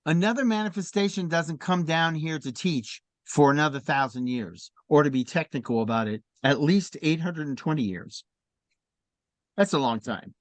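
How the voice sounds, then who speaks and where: A middle-aged man telling stories in a conversational talk, animated and laughing often as he speaks. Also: a little high, no echo. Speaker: speaker in a faith discussion.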